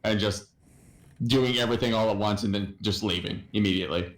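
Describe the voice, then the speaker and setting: Animated man in a roomy space. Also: lowish voice, brisk. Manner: animated storyteller, acts out others' voices. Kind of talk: casual chat.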